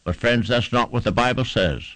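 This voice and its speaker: A man's voice: mid-range voice, normal speed, a bit bright, no room sound, low-quality recording. A man preaching a sermon, fervent and emphatic, building repeated phrases to a climax.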